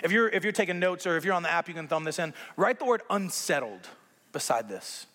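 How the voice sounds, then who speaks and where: A man preaching a sermon as pastor, conversational and animated, with playful asides to the congregation. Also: high voice, fairly quick, big-room sound.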